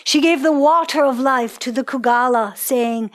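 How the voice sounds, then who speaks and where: A woman's voice: high voice, moderate pace. A woman telling a myth in a ritual storytelling performance, in a dramatic, incantatory way.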